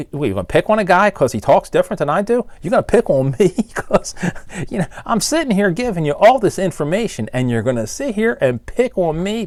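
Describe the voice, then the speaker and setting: A man's voice: medium pitch, darkish tone, no room sound. A man in his sixties with a Baltimore accent, an engine builder ranting bluntly and with exasperation at his critics in a one-take video. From Maryland, Baltimore area. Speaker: engine builder and shop owner. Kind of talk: one-take rant to camera.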